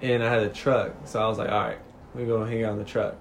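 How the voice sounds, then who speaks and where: Animated young man, swearing casually. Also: fairly low pitch, quick pace, a little hiss or hum. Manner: animated, profane, laughs a lot. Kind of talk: casual storytelling chat.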